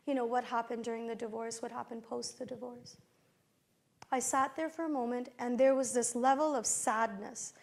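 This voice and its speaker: A middle-aged woman with a fairly high voice speaks as a keynote speaker at a conference. She tells personal stories and gives motivational advice, and her delivery shifts in a lively way. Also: gravelly.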